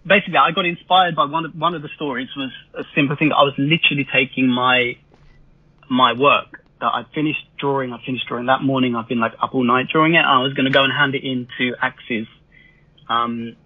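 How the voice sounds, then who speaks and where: Guest man from Britain, husky voice over a tinny remote call line, rambling and hesitant. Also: medium pitch, no room sound. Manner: rambling, hesitant, many fillers and restarts. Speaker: manga artist guest. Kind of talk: casual podcast interview.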